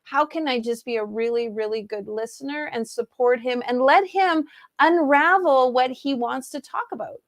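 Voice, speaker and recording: A woman's voice: high-pitched, normal speed. A woman in her forties hosting a casual interview chat, enthusiastic and affirming. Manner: enthusiastic, affirming, lively storytelling. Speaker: host.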